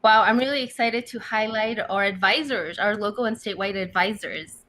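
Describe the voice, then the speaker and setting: A woman's voice: medium pitch, moderate pace, bright, forceful tone. A young woman who is a student leader, co-hosting an awards ceremony over a video call, enthusiastic with small hesitations. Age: young adult. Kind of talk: casual hosting chat.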